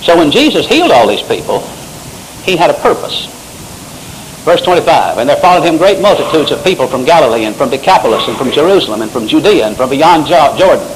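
Animated preacher man. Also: on the high side, brisk, slight background noise, poor audio. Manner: preaching with rising emphatic bursts and Bible quotes. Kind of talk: sermon.

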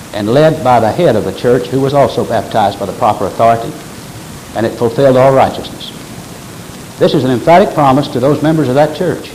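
A man's voice: medium pitch, a little mellow, slight background noise, poor audio. A man preaching a sermon, explaining scripture with emphatic stress and quoting verses aloud.

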